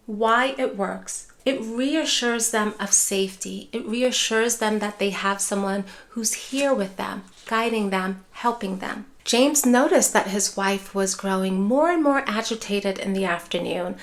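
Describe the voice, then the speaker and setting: A woman dementia care educator giving a calm, measured talk with reassuring example phrases. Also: mid-range voice. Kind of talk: scripted educational talk to camera.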